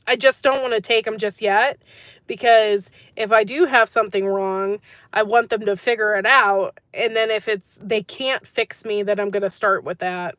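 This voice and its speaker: A woman hosting a gardening channel answers comments in a casual live-stream, talkative and rambling and laughing often. Her voice is medium-pitched, fairly bright, with fairly even intonation and normal speed, recorded dry with no echo.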